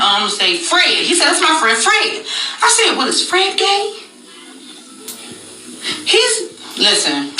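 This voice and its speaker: A woman's voice: high-pitched, a little hiss or hum. A woman retelling a personal story dramatically, acting out what people said. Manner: animated, dramatic retelling with voiced quotes. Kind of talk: storytime rant. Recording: roomy, distant echoey clip.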